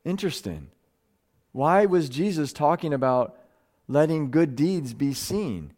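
Earnest preacher man with a higher voice. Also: sing-song, unhurried, a little mellow. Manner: earnest, rises in pitch and speeds up when stressing points; stumbles over words and restarts phrases. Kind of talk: live sermon.

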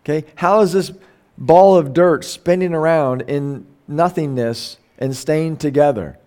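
A middle-aged man delivers a sermon in an easy, conversational way. His voice sits a little high, and he keeps asking the listeners rhetorical questions. He reads scripture aloud and corrects himself as he goes. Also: measured pace, a little mellow. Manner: conversational, asks rhetorical questions, self-corrects while reading. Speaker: pastor. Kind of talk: sermon reading and explaining scripture.

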